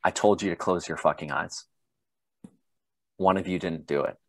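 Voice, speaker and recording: A man's voice: low voice, steady tone, moderate pace, no echo. A man quoting a mocking, exasperated drill instructor who swears at his trainees. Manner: sarcastic, swearing.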